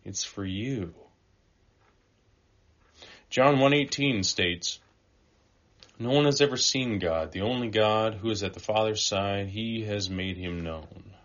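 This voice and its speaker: A low-pitched man delivers a sermon in an animated way. He pushes some phrases out loud and drops others to a quiet, slow hush. The recording sounds dull and lo-fi. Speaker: preacher.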